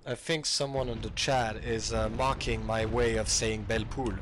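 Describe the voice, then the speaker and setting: A man's voice: on the low side, steady tone, normal speed. Man, French accent, casual game commentator, hesitant, repeats himself, light background hiss. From France. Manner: hesitant, repeats words, chuckles often. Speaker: tournament commentator.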